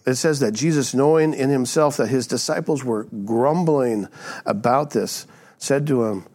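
A man's voice: a little high, moderate pace. A male pastor giving a sermon in a conversational teaching style, often checking in with the congregation with a rhetorical "right?".

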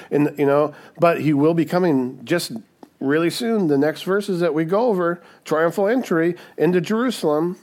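A man's voice: fairly high pitch, darkish tone. A man preaching a sermon in a conversational, emphatic way, often checking in with the listeners. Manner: conversational, emphatic, with frequent "right?" asides. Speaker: pastor.

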